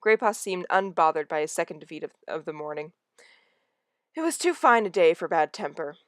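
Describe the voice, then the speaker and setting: A woman reading a novel aloud in a soft, hushed narration that drops toward a whisper in tense moments. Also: lowish voice, animated, brisk, no room sound, clean studio sound. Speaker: audiobook reader.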